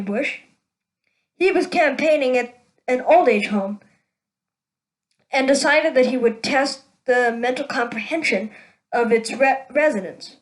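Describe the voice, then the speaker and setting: A woman's voice: sits high, low-quality recording. A woman hosting her own show, telling a string of jokes and laughing at her own punchlines. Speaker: show host.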